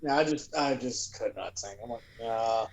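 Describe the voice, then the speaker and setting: A man with an ordinary mid-range voice, chatting casually on a stream from his home setup. He sounds relaxed and laid-back, dropping in dry jokes. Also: mid-range voice, a little fast, slight background noise. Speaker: gaming streamer, co-host. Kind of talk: casual chat.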